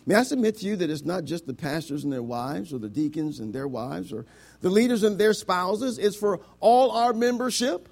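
High-voiced man preaching emphatically. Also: animated, moderate pace, vocal fry. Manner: emphatic, swings from loud to hushed, stretches key words; addresses the congregation with rhetorical questions. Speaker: pastor. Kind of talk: sermon.

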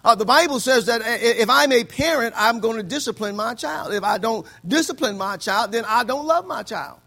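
A man's voice: extremely high pitch, expressive, normal speed, creaky, bright, forceful tone. A man preaching a sermon, asking for amens and acting out little scenes. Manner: call-and-response preaching, frequent amens, acts out voices in anecdotes. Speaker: pastor.

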